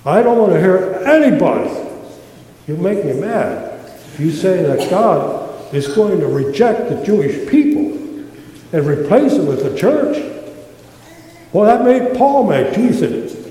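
A fired-up male preacher delivering a sermon in a hall with long, echoing reverb. He talks slowly and deliberately, with a slightly high voice, repeating key words for emphasis and swinging between loud declarations and hushed tones. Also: very animated. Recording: echoey hall.

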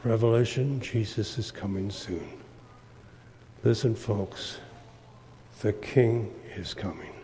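Slow, mellow-voiced man preaching in a hall. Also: on the low side, slight background noise. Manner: slow, emphatic preaching that swells into loud sung refrains. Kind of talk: sermon. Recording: long hall reverb.

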